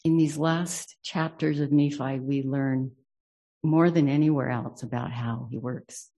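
A man leads an unhurried, reflective scripture lesson. His delivery is slow and measured, with a gravelly, husky edge. The tone is mellow and dark as he reads verses aloud and then considers them thoughtfully. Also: medium pitch, fairly even intonation. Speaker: scripture teacher.

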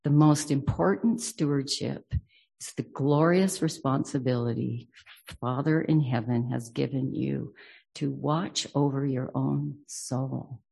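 Slow, gravelly-voiced man teaching scripture. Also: mid-range voice, dark tone. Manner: slow, thoughtful, reads verses aloud and then muses on them. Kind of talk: reflective scripture study lesson.

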